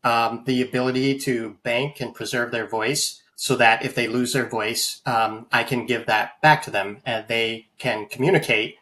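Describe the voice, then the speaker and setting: A man's voice: mid-range voice, fairly even intonation, a little slow, hardly any pauses, pushed and bright. A man telling stories in an interview, earnest and full of restarts and fillers. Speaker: guest, AI voice banking practitioner. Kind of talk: conversational interview storytelling.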